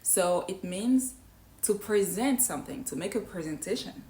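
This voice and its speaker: A woman's voice: mid-range voice, animated, moderate pace, dark tone, roomy sound. A woman who is not a native English speaker, teaching English pronunciation in an explanatory way and often checking in with "right?". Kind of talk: online pronunciation lesson.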